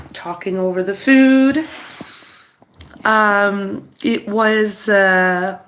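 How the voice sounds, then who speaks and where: A teary woman, chatting slowly and haltingly on her livestream, with many fillers and apologies. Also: medium pitch, fairly bright tone, a little hiss or hum. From Montreal, Canada. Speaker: channel host on a livestream. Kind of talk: casual livestream chat, reading viewer comments.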